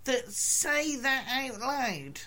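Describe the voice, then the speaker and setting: An older woman, hosting a podcast as casual chat, telling stories with a dry, deadpan humour. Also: high voice, very slow. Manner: dry, deadpan storytelling with comic asides. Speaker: podcast host.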